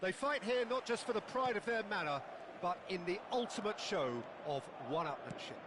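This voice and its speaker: A man doing play-by-play football commentary, flowery and dramatic, erupting with excitement at big moments. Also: high voice, normal speed. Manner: flowery, dramatic, bursts into loud excitement at goals. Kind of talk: sports commentary from a video game. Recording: loud background noise.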